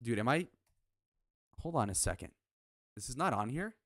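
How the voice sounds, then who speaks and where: A young man in his twenties giving casual reaction commentary, blunt, profane and quick to get worked up. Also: mid-range voice, big pitch swings, a bit bright, dry recording, clean studio sound. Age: 20s. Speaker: streamer reviewing his own speed date.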